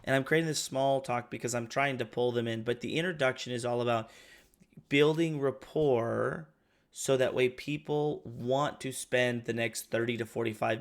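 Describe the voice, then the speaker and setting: A man teaching insurance sales in a relaxed, chatty lesson. His voice sits at a middling pitch with a noticeable gravelly fry. He tends to let his sentences fade softly at the end. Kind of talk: casual training talk.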